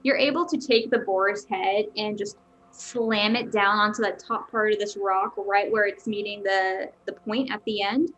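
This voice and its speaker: A woman runs a tabletop game, describing each scene as dungeon master. She pauses on fillers and corrects herself mid-sentence, at an ordinary mid pitch. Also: fairly even intonation, a bit bright.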